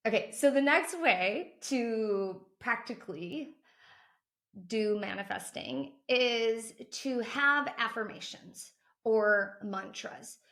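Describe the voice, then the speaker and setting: Emphatic woman teaching manifesting, higher voice. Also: fairly bright tone. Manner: emphatic, repeats phrases for stress. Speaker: manifesting coach. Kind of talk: motivational teaching talk.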